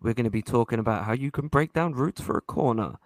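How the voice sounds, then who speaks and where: A man voicing a smooth, crooning late-night jazz radio DJ. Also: expressive, no room sound, close to an everyday voice. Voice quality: low, slow, crooning.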